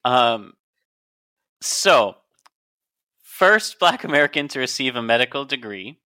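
A man's voice: mid-range voice, lively intonation, slow pace, bright, forceful tone. A man co-hosting a casual podcast, a doctor who explains facts with playful jokes. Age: adult, a doctor. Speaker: podcast co-host.

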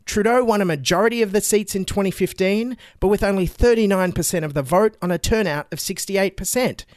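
A man delivers satirical political commentary as a comedy news host, sarcastic and mocking throughout. His pitch sits a touch high and swoops around lively. The recording is dry and close. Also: no echo.

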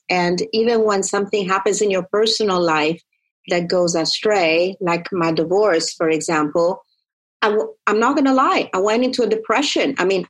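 A woman in casual conversation, talking animatedly and acting out quotes as she tells stories. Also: medium pitch. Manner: animated storyteller, acts out quotes.

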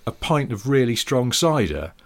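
A man co-hosting a podcast, telling a rambling story with a relaxed, laid-back manner, swearing and laughing now and then. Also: mid-range voice, moderate pace. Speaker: podcast co-host. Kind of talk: casual chat.

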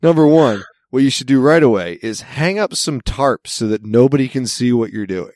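This man has a Mid-Atlantic American accent and tells rambling, self-amused stories in an easygoing chat. His voice sits at an ordinary middle pitch. It is recorded close and dry, with no room echo. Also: animated, normal speed, a little mellow. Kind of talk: casual chat. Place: California.

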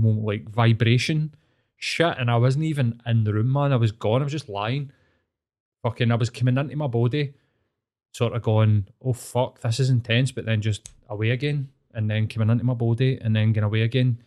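A man's voice: mid-range voice, steady tone, brisk, darkish tone. Sweary Glaswegian man telling a story. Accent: Scottish, Glaswegian. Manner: sweary, rambling, earnest. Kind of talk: casual storytelling chat.

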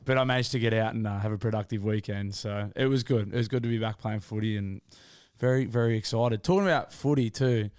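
An Australian man talks at a rapid clip, trading crude, self-mocking banter as a podcast co-host. His voice sits at a middling pitch. The sound is dry and close, with no room around it. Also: darkish tone, clean tone, no echo. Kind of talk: casual banter.

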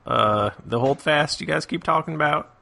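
A man's voice: fairly high pitch, moderate pace, vocal fry, pushed and bright. A man voicing a rustic villager in a put-on Southern US drawl, rambling in a roundabout, folksy way, in a tabletop role-play.

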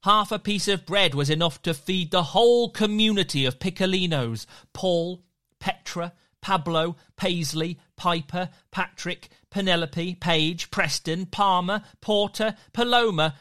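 A storyteller narrating a children's story with an expressive, lively delivery. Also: mid-range voice, unhurried.

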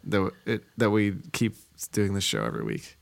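Gravelly young man with dry teasing humor. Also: fairly low pitch, sing-song, brisk. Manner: dry, teasing, self-deprecating. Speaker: podcast co-host. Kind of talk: casual chat.

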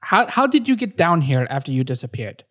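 A player at a tabletop game speaks at a middling pitch, hesitantly and tentatively. Sentences often stall and restart with small stammers. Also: big pitch swings, a little fast, fairly bright tone. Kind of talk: casual tabletop game chat.

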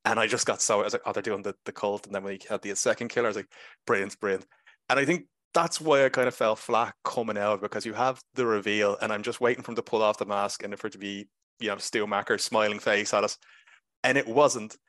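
Fast-talking low-voiced male host. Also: fairly even intonation, a bit bright, no room sound. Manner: quick, wry and dry-humored. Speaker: podcast host. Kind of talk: casual film review chat.

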